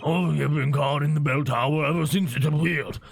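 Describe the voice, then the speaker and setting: A man's voice: fairly high pitch, fairly even intonation, brisk, gravelly, slightly rough, soft background music. A man voicing a servile male vigilante in a game, with a relishing, grovelling way of talking. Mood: devoted.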